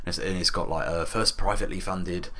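A man's voice: low voice, fairly even intonation, fairly quick, crowd noise. A man co-hosting a casual film review podcast, rambling and joking, with the odd swear word. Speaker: podcast co-host.

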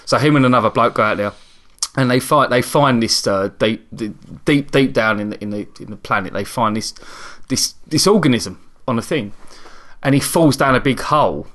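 A man's voice: medium pitch, normal speed, a bit bright. A man in casual chat, recapping a film in a rambling, hesitant way with frequent restarts.

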